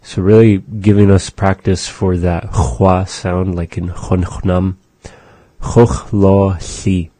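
A man hosting a radio language lesson, slowly and carefully pronouncing phrases and explaining them. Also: deep voice, level tone, warm tone, dry recording. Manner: slow, careful pronunciation drills. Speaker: language teacher and show host.

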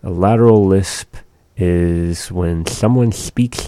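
Deep, mellow male language teacher; slow, patient, demonstrates sounds. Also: dry recording. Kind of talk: explaining pronunciation.

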